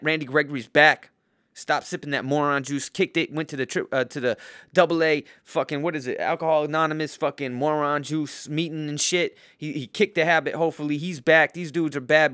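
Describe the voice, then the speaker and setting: A man's voice: mid-range voice, a bit bright, no room sound, studio quality. A man giving football picks in a profane, rambling casual rant, full of fillers and restarts. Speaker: host making football picks.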